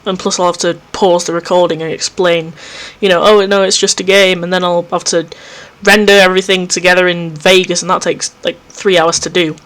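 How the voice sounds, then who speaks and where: A man's voice: high-pitched, level tone, a little fast, few pauses, a bit bright. A man hosting a let's play from home, reading a visual novel aloud and cutting in with jumpy, self-mocking asides. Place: home recording setup.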